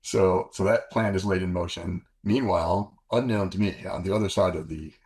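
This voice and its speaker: An older man with a deep, husky voice tells stories as an interview guest. He rambles and corrects himself often as he works through each anecdote. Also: steady tone, moderate pace, darkish tone. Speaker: guest, former fighter pilot. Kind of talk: storytelling interview.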